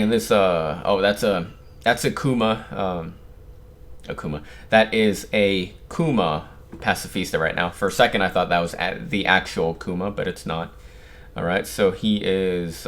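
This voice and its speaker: A man's voice: deep voice, moderate pace, fairly bright tone. A young man casually reacting to manga chapters and reading them aloud, with frequent fillers and restarts.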